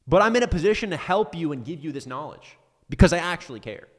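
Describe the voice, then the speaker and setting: A man rants on a live stream with hot, profane intensity, tripping over restarts as he answers viewers. His voice sits fairly high and swings widely in pitch. A long reverb trails each phrase. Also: lively intonation, fast. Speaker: trading mentor and streamer.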